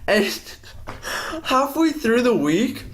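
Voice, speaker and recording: A man with a very high voice speaks very slowly, with slight background noise in the recording. Hosting a podcast, he tells a workplace story in casual chat, animated and swearing freely.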